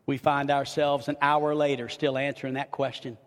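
A man's voice: medium pitch, level tone, normal speed, big-room sound. A middle-aged man preaching as a pastor, telling a story animatedly and often restarting and repeating his words. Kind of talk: storytelling sermon. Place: church sanctuary.

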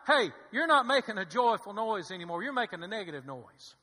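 A male pastor preaching a sermon, emphatic and repetitive, calling for amens, swinging between loud exhortation and low, hushed intensity. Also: very animated, fairly quick. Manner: emphatic, repetitive preaching with call-and-response "amen". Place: church sanctuary. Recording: reverberant hall.

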